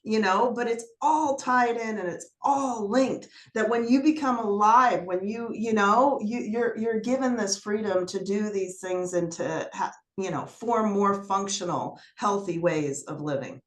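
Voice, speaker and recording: A woman hosting a casual interview chats in a heartfelt, rambling way. Her voice sits at a middle pitch. The sound rings with the echo of a room. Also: measured pace, hardly any pauses. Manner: chatty and heartfelt, with many "you know" fillers. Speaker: host. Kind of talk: casual chat. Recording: echoey room.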